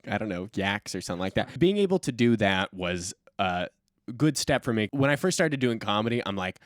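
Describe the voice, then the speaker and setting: A man's voice: fairly low pitch, sing-song, fairly quick, dry recording, clean studio sound. A man who is a stand-up comedian, chatting casually as a podcast guest in a rambling, self-deprecating way.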